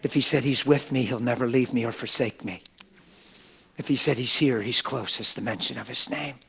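A middle-aged male pastor preaching with folksy exuberance, laughing between his points. His voice sits at an ordinary pitch for a man. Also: moderate pace, creaky, fairly bright tone, breathy edge. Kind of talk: sermon.

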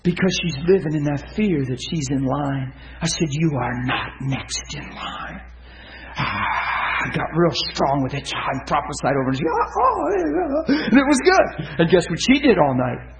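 A man preaching, telling stories to his listeners, swinging from loud excitement to hushed tenderness. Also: fairly high pitch, moderate pace, hardly any pauses, echoey room, noisy background. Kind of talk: sermon storytelling.

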